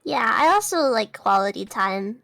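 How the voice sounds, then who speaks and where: A woman's voice: fairly high pitch, animated, normal speed, gravelly, a bit bright. A woman chatting as a guest on a stream, hesitant and full of ums. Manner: hesitant, lots of ums and restarts. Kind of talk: casual chat.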